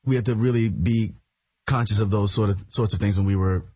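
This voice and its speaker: A man, a stage actor, describing his work in a radio interview in an earnest, measured way. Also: fairly low pitch, fairly even intonation, mellow, husky, no room sound. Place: radio studio. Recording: dull lo-fi radio broadcast audio.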